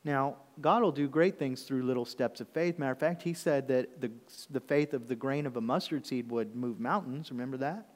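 This pastor preaches in a medium-pitched voice at normal speed, hardly pausing at all. His sermon is conversational, dotted with frequent "okay?" check-ins to the congregation, and the hall's reverb is long.

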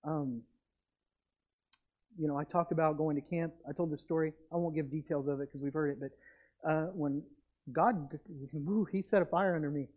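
A male youth pastor, preaching energetically and swinging between loud exclamations and quiet asides. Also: on the high side, fairly even intonation, moderate pace, long pauses, lo-fi sound. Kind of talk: youth sermon with object lesson.

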